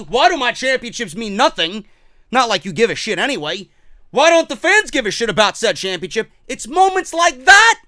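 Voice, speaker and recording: Brief: fired-up male ranter, bright high voice, dry close sound. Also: dry recording. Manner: heated, profane, repetitive ranting; mocking quoted voices. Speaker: wrestling commentary host. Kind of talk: ranting opinion show.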